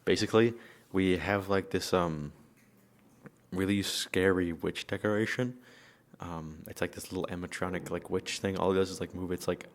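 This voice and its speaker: A teenage boy on a youth radio team telling a story in a relaxed, halting way with many fillers. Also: sits low. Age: teens. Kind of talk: casual storytelling.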